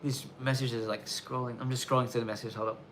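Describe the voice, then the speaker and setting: Fast and flat, a mid-range male voice with a fairly bright tone hosts a casual live Q&A chat, accompanied by a little hiss or hum. He's streaming from snowy rural Japan, speaking loosely and rambling with lots of fillers and restarts.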